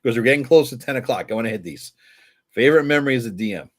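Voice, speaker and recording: A man hosting a casual interview, briskly prompting his guest. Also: medium pitch, expressive. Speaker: interview host.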